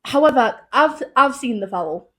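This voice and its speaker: A woman's voice: a little high, animated, normal speed, pushed and bright. A woman co-hosting a podcast, chatting casually and laughing often as she stumbles through her own loose script. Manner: giggly, rambling, often laughing mid-sentence. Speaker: podcast co-host.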